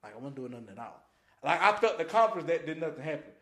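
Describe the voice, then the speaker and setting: A man's voice: on the high side, lively intonation, racing, fairly bright tone. A podcast host telling stories in loose, slangy talk. He laughs a lot and acts out the quotes. His voice swings up and down with energy, and the room around him is echoey. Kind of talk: casual storytelling chat.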